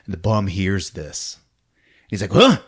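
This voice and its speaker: A man's voice: on the low side, expressive, moderate pace. A man hosting a podcast, recapping a film in casual, giggly storytelling. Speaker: podcast host.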